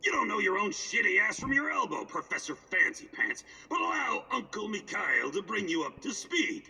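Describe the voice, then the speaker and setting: A gravelly, husky male stalker, crude and swaggering, his pitch jumping all over as he spins a yarn. The voice sounds bright and comes from off the mic, as game audio. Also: wildly swooping pitch, moderate pace, recorded from a distance, heavily acted, rough recording. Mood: storytelling. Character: coarse boastful male stalker, streetwise storyteller. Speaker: game character.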